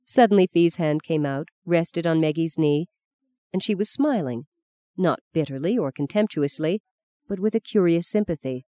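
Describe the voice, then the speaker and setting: A woman narrating a novel in a measured, even storytelling manner on a close mic. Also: deep voice, no echo. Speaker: audiobook narrator. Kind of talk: scripted narration.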